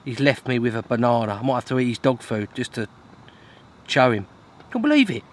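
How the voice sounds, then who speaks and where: A man's voice: medium pitch, steady tone, brisk. A man vlogging outdoors by a lake, talking casually to camera with a chatty, self-mocking tone and plenty of grumbling asides. His voice sits in a middle register, and faint wind noise drifts in behind him. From Britain. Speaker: fishing vlogger.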